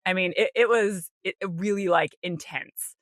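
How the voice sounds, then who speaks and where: A woman co-hosting a podcast, telling a personal story in a casual, animated way, acting out her own inner voice with light laughs and lots of "like". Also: mid-range voice, normal speed, no echo, studio quality. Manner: frequent light laughter and "like" fillers. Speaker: podcast co-host.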